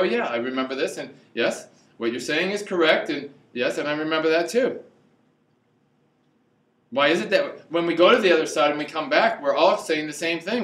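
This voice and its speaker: A man giving an animated spiritual talk to a live audience, repeating himself and acting out quotes. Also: sits high. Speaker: spiritual speaker. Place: meeting hall with a live audience. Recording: echoey room, mic at a distance.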